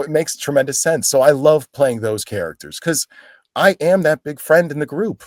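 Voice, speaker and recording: A guest actor from Pennsylvania tells stories in a casual interview, voicing the quoted lines as characters. His mid-range, darkish voice moves fairly quickly with lively intonation. The studio sound is clean, with no echo.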